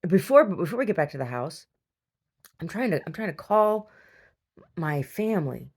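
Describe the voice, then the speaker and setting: A woman talks in a loose, chatty way, circling back and restarting her sentences as she tells a long story. Her voice sits low and carries a gravelly fry. She hosts and shares everyday stories with her listeners. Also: sing-song, normal speed, darkish tone. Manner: chatty, heavy use of fillers and restarts. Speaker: podcast host. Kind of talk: casual rambling storytelling.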